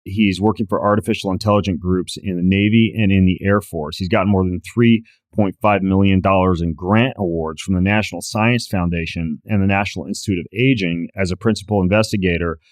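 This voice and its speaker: A man with a very low voice hosts a podcast. He reads sponsor spots and introduces his guest in an upbeat, chatty manner, dropping in quick joking asides. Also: fairly even intonation. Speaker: podcast host.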